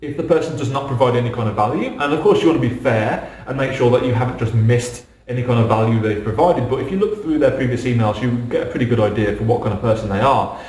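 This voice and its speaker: A man's voice: mid-range voice, fast talker, hardly any pauses, a little mellow, slight background noise. A man from England answering viewer questions in a casual, reassuring to-camera advice video, with light self-deprecating humor. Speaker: online business coach. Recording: roomy echo.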